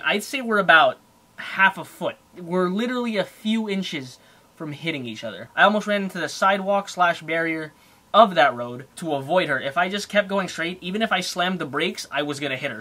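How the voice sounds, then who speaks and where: A young man rants about his day in a quick, casual vlog. His voice is bright and sits a little high, and he keeps slipping in "like" as he gets worked up. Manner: animated, heated, fast with fillers. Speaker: car vlogger. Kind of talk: casual storytelling rant.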